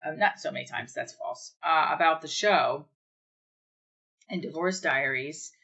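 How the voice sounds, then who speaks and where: A woman's voice: low-pitched, measured pace, sharp tone, lo-fi sound. A woman from New Jersey with a New Jersey accent, chatting casually and rambling with lots of fillers as she hosts a livestream from home on her phone. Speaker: livestream host. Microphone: phone camera.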